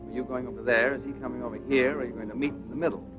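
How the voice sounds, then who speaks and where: A man's voice: mid-range voice, steady tone, very fast, natural voice. An actor playing a breezy, teasing young American man with an American accent, on a dull old film soundtrack with music. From United States. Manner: breezy, wisecracking.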